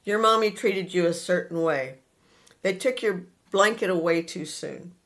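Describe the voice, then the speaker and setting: A man giving a spiritual talk to an audience. He speaks to the listeners directly and earnestly, pausing between short phrases and repeating his key points. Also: high-pitched, a bit bright. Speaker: spiritual teacher.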